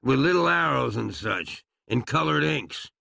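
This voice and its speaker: A man voicing Phineas, an eager, not very bright young outlaw son with a folksy drawl. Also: mid-range voice, lively intonation, a little slow, gravelly, no echo, full character voice. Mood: proud.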